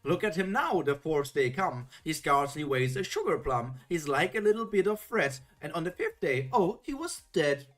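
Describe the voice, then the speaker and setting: A woman's voice: low-pitched, sing-song, moderate pace, few pauses. A woman streamer reading old children's rhymes aloud in a playful, theatrical way, adding joking comments between them. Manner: playful, theatrical, jokey asides.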